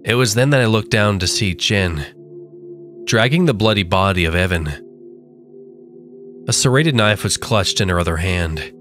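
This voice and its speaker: A man with a low voice reads a scripted horror story, telling it in a dramatic, deliberate way. Faint music plays under his narration. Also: animated, a bit bright.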